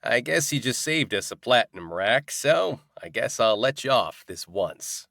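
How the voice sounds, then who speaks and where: A man voicing a smug male crime boss who speaks slowly and quietly with a threatening edge. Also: mid-range voice, sing-song, creaky, dry recording, clean studio sound, pitched above the performer's own voice, heavily acted.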